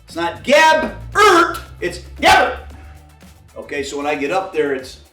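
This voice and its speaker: A man in his sixties coaching quarterbacks in a film room, animated and profane, shouting out snap counts and cadences. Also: on the high side, fast talker, recorded from a distance. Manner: profane, drill-sergeant bark. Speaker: football coach. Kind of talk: coaching session. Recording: echoey room, mic from afar, faint music.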